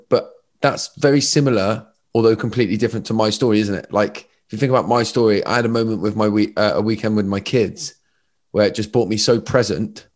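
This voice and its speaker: Podcast guest, man with a low voice, chatty and animated. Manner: animated storyteller, lots of fillers. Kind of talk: casual chat.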